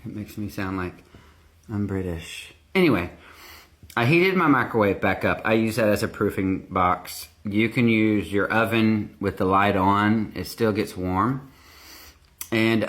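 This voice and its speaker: A fairly low yet slightly bright male voice carries this casual home baking vlog, where he rambles and tosses in asides. He's indoors in his baking room, miked by a phone or now and then earbuds.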